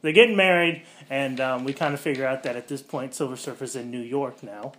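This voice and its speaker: A man hosting a casual podcast, rambling through a movie plot with lots of fillers and quick voiced-out quotes. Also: medium pitch, fairly bright tone. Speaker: podcast host.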